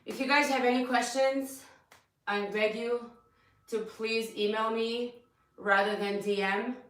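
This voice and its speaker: A woman fitness coach talking casually to her followers, tearful and rambling, with quick bursts and laughs. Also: a little high, steady tone, a bit bright, far from the mic. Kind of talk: emotional casual talk to followers. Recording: echoey room, voice off-mic.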